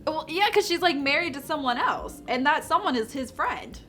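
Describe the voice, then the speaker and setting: Bright-voiced blunt woman host. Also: sits high, lively intonation, moderate pace, faint music behind. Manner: blunt, opinionated, swears casually. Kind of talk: casual chat.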